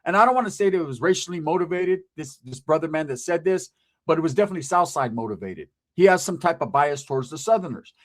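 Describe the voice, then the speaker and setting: A man's voice: fairly high pitch, animated, fast talker. A man speaking, hosting his channel in a blunt, emphatic monologue full of street slang and swearing. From Southern California. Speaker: channel host. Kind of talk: casual monologue to camera.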